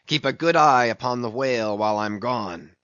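A man voicing an old, obsessed sea captain who speaks in a brooding, solemn, drawn-out way. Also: mid-range voice, a bit bright, clear, resonant tone, no room sound, lo-fi sound, lightly acted. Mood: grim.

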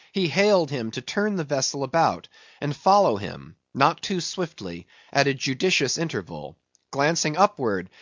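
A man narrating an audiobook in a measured, even voice of middling pitch. The recording is close and dry, with a slightly dull top end. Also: no room sound. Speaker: audiobook reader. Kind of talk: scripted narration of a classic novel.

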